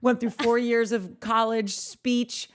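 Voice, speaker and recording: A woman from New Jersey co-hosting a casual podcast, recapping a reality show in heated, animated rants. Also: fairly high pitch, slow pace. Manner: heated, ranting, animated storytelling. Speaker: podcast co-host.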